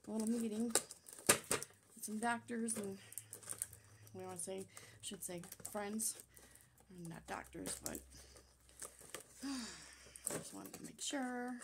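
A woman's voice: mid-range voice, takes it slowly, long pauses, very noisy. A woman hosting a craft channel, chatting casually and gushing as she unboxes craft supplies. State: out of breath. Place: at a table at home.

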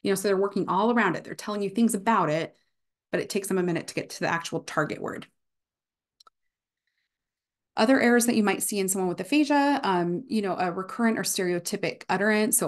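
A woman's voice: medium pitch, fast talker. A young woman giving a casual university guest lecture, with many fillers, now and then acting out examples of speech errors.

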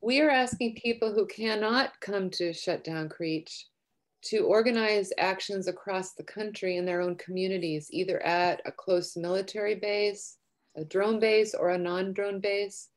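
A woman's voice: medium pitch, unhurried. A woman activist speaking on a panel, making an earnest, urgent appeal to organize against drones. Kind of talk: panel talk.

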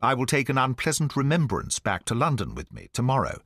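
A sly, nervous male naturalist, read by a man in an audiobook, politely probing while hiding his alarm. His pitch swings in a lively way. The sound is dry and close. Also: fairly quick, no room sound, full character voice. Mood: wary. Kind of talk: audiobook dialogue reading.

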